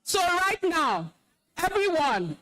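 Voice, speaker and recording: A woman's voice: very high-pitched, very animated, slow, a bit bright, poor audio. A woman with a Nigerian accent, an alumna and compere, giving a stern, emphatic address to a school's students. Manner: scolding, commanding, emphatic. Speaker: alumna guest speaker, compere. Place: school hall, live event.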